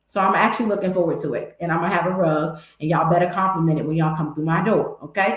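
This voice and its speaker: A woman gives a motivational talk, candid and emphatic, speaking straight to her viewers. Her voice sits a little low. The sound is echoey, as if in a bare room. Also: fast talker, hardly any pauses. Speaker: host.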